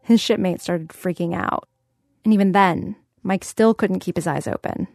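Woman narrating a radio story, easygoing and clear, super dry close mic. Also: lowish voice, moderate pace, darkish tone, no room sound. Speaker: host and reporter. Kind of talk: scripted narration. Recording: dry studio sound.

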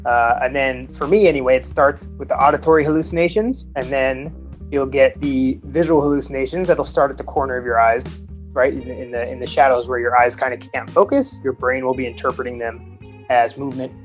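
A man's voice: mid-range voice, steady tone. A man in his thirties, a Navy veteran, telling his story casually in an interview with many fillers and chuckles. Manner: halting, chuckling, lots of fillers. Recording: slightly dull sound with faint music.

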